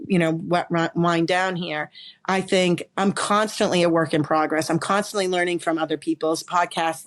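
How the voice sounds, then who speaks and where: A woman who is a podcast guest and body language expert, telling a personal story in an emphatic, animated way, often repeating words. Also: fairly low pitch. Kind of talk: conversational storytelling interview.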